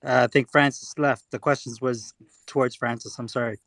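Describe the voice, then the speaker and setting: Halting, apologetic man, dry close mic, video call. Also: mid-range voice, fairly even intonation, fairly bright tone, no echo. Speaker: panel participant. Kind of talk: casual group video chat.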